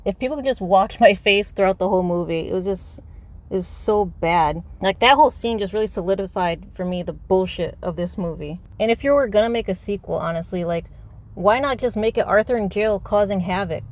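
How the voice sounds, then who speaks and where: A woman's voice: mid-range voice, brisk, darkish tone. Woman, car vlog, unscripted rant: exasperated, profane, rambling. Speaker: movie reviewer. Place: inside a parked car.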